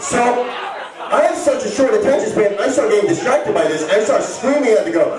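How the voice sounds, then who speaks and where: A male stand-up comedian rambling and stammering through a set, bursting into shouts. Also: high-pitched, animated, fairly quick, music in the background. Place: bar stage with live audience. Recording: echoey club recording from far off. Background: crowd laughing.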